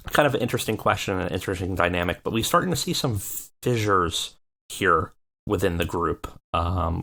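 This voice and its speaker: A man's voice: low voice, creaky, bright, forceful tone. A man hosting a let's play of a wrestling management game, talking loosely with lots of ums. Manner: loose, rambling, many ums and uhs. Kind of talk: casual game commentary.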